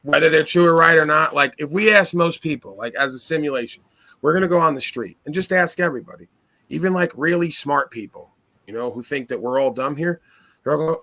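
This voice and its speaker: A man's voice: a little high, a little fast, bright, forceful tone. A man holds forth in casual conversation, sure of himself. He lectures, stacks up rhetorical questions and speaks with authority. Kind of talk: casual philosophical talk.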